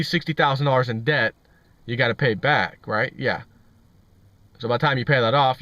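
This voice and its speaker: A man's voice: medium pitch, fairly bright tone, no echo. Ranting man, dry lo-fi sound. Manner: ranting, repetitive, scornful. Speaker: vlog host. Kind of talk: opinionated financial commentary. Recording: dull lo-fi audio.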